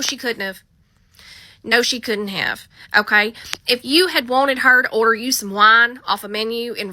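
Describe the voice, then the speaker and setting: A woman's voice: a little high, pushed and bright, dry recording, clean studio sound. An American woman who works as a 911 dispatcher, telling a story in a chatty, wry storytime style. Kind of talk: casual storytime vlog.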